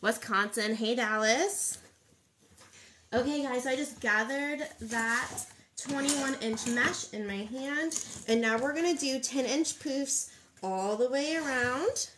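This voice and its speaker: Woman, friendly craft-stream host, higher voice, slight noise under her. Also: slow pace. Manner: chatty, upbeat, greets viewers by place. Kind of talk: live-streamed craft tutorial, greeting viewers. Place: home craft table.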